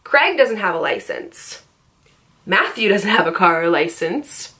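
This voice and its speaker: A woman vlogger telling a storytime in a loose, chatty flow, full of asides and filler words. Her voice sits in an ordinary middle pitch. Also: lively intonation, unhurried, noisy background. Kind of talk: storytime vlog.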